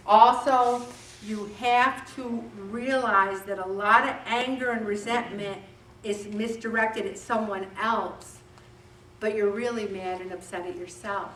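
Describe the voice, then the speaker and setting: A middle-aged woman leading a faith-based weight loss group, talking in an animated way and acting out bits of dialogue. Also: mid-range voice. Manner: animated, acts out dialogue with voices. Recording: echoey room, distant mic, faint background noise.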